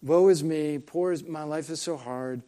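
A man's voice: fairly high pitch, normal speed, dark tone, lightly acted. A man mimicking a self-pitying orphan boy with a mocking whine. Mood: whining.

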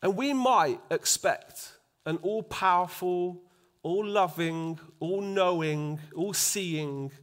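A man preaches a sermon to his congregation in a loose, conversational way, tossing in quick checks for agreement. His voice sits a little high for a man. At key points he sinks almost to a whisper. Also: fairly bright tone. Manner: drops to a near-whisper for emphasis.

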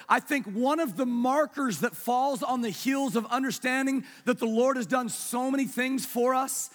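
A man preaching a sermon in a conversational way, asking his congregation questions and dropping to a hush for emphasis. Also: extremely high pitch. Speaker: pastor. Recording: long reverb of a large hall.

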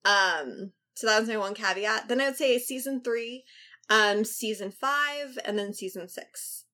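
A woman hosting a casual podcast chat, relaxed and hesitant, with frequent ums. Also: fairly high pitch, measured pace. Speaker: podcast host.

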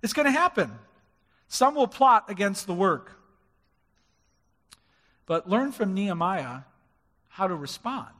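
High-voiced pastor preaching in a big hall. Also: male voice, sing-song, takes it slowly, long pauses, a bit bright. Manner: preaching with rising emphasis and acted-out quotes. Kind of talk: sermon. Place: church sanctuary.

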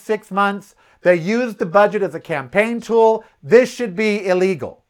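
A gay man hosting his own podcast, telling a story from his day and acting out the exchanges, then ranting with indignation about politics. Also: sits high. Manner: animated storytelling, acts out quoted exchanges. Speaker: podcast host. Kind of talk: casual opinion monologue.

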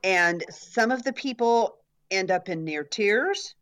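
Woman, casual chat, mid pitch, wry storyteller. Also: slow. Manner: lively anecdote telling, wry.

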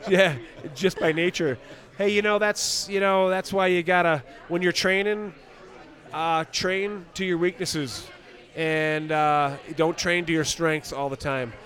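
A man's voice: high-pitched, steady tone, a little slow, a bit bright. A man who coaches skiing, talking practically and encouragingly in an outdoor interview. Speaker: ski coach and exam selector.

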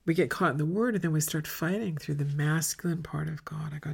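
A woman giving a meditative spiritual talk at a retreat, soft and often dropping to a whisper, with long incantatory lists. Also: low-pitched, brisk, creaky, husky.

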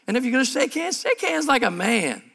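A man preaching a sermon to a room of men, emphatic and humorous, and his voice climbs higher and louder as he builds. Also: very animated, brisk, creaky. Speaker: pastor. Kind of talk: sermon at a men's breakfast. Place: large room before an audience. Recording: live hall with long reverb.

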